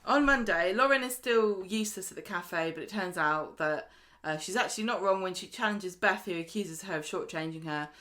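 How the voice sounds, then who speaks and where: A woman's voice: lowish voice, fairly quick, fairly bright tone. A woman co-hosting a podcast, chatting casually as she reads out plot notes and laughs easily. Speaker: podcast co-host. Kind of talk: casual chat recapping episodes.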